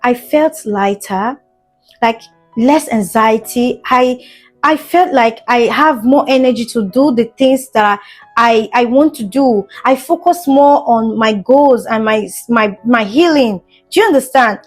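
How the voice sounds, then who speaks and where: A woman's voice: a little high, a little slow, faint music behind. Earnest woman vlogger, raised voice. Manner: earnest, emphatic, keeps asking "do you understand?"; fillers and restarts, gets emotional at times. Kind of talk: casual storytime monologue to camera.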